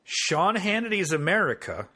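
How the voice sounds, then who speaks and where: A man's voice: sits high, sing-song, normal speed, sharp tone, breathy edge. A man hosting a comedy podcast, telling a story in casual banter with profane, wry asides.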